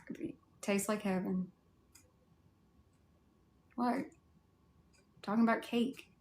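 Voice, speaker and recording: Chatty Southern woman with vocal fry. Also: medium pitch, steady tone, takes it slowly, a little mellow, reverberant, a little hiss or hum. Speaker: cosplay streamer answering viewer chat. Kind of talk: casual livestream chat.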